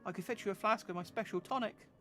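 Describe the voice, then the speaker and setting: A man voicing a tiny, fussy female assistant in a squeaky falsetto. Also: fast, sharp tone. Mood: fussing. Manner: fussing, solicitous.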